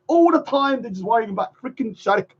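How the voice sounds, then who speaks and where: Man, livestream host, mocking rant, husky voice, dull lo-fi audio. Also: extremely high pitch, lively intonation, fairly quick. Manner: mocking, sarcastic, repeats phrases in a sing-song.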